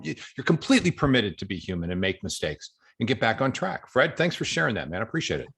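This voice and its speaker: A man leading a coaching group call, animated and upbeat, telling stories to encourage the members. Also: on the low side, quick pace, creaky, few pauses, slightly rough.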